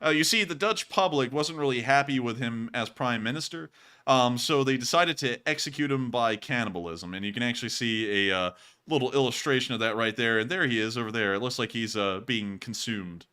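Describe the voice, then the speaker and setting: Chatty man, bright voice. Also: medium pitch, fairly quick, clear, resonant tone. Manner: chatty, rambling, joking asides. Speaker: livestream host. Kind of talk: casual live commentary.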